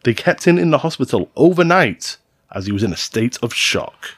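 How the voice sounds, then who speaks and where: A man's voice: mid-range voice, very animated, moderate pace, slightly rough, no room sound. A man co-hosting a podcast, reading out stories in a casual, jokey way and swearing freely. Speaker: podcast co-host narrating stories.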